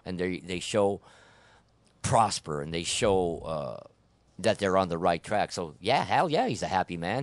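A man's voice: deep voice, animated, a little slow. A man hosting a casual sports and politics podcast, blunt and opinionated, restarting his sentences as he talks. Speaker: podcast host.

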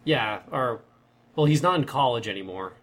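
A man's voice: medium pitch, lively intonation, normal speed, a bit bright. A young man in casual chat, telling a long story in a rambling way and correcting himself as he goes.

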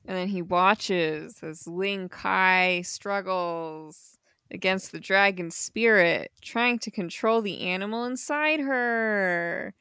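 A woman's voice: medium pitch, slow, bright, forceful tone, clear, resonant tone, no room sound. A woman co-hosting a podcast, recapping a comic in casual chat with unsure asides and easy laughs. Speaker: podcast co-host.

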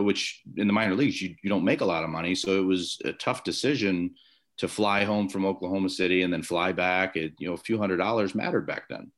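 A man from the Chicago area, a former umpire, telling stories in an interview from his home office, with rambling restarts and fillers. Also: deep voice. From Chicago area, USA. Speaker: guest, former baseball umpire. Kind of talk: conversational storytelling interview.

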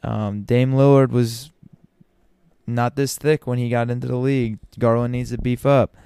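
A man's voice: medium pitch, flat delivery, moderate pace, mellow, clean tone, no echo. A man talking casually to his audience as a commentator, opinionated, with frequent ums and restarts. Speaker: sports commentator. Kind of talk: casual basketball talk.

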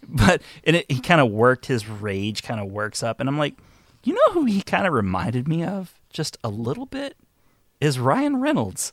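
A man co-hosting a casual movie-review podcast, jokey and profane, often breaking into loud mock voices. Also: mid-range voice, big pitch swings, moderate pace, no echo. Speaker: podcast co-host.

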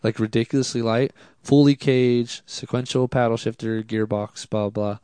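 A man, a drift driver, telling a casual story in an interview, animated and self-deprecating, with many fillers. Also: medium pitch, moderate pace, clean tone, no room sound.

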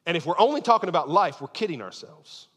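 An earnest male pastor delivers a sermon, slowing for emphasis and leaning into his key lines. His voice sits a little high and swings widely in pitch. The sound carries a long reverb from a large hall. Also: expressive, a bit bright. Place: church sanctuary.

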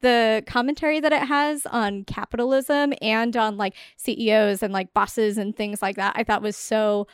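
A woman's voice: on the high side, steady tone, normal speed, hardly any pauses, clean tone, no echo, studio quality. A woman co-hosting a casual movie podcast, bubbly, laughing often and saying "like" a lot. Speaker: podcast co-host.

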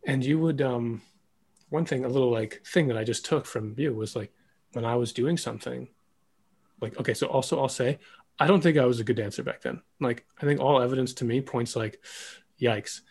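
Man, husky voice, casual interviewer, filler-heavy, self-deprecating. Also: medium pitch, moderate pace, darkish tone. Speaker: interviewer, former dancer.

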